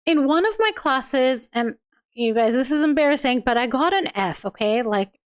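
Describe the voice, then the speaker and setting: A woman's voice: high-pitched, animated, moderate pace. A young woman hosting a livestream, reading out viewer comments in a chatty way and laughing often. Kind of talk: casual chat.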